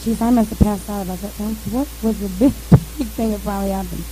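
A woman's voice: mid-range voice, fairly even intonation, fast, dark tone, a little hiss or hum, poor audio. A woman telling a rambling, profane story in casual conversation, mimicking radio chatter and noises along the way.

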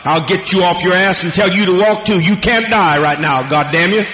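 A man's voice: sits high, normal speed, background noise. A man preaching a fiery, profane, rambling sermon to a congregation in a large hall. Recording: echoey hall, dull lo-fi archival tape.

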